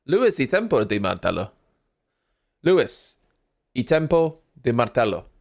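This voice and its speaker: A man's voice: mid-range voice, very animated, a little slow, gravelly. A man putting on a hammy fake-Italian race engineer. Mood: mock-dramatic. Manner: exaggerated sing-song faux-accent delivery. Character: man's mock Italian race engineer on team radio.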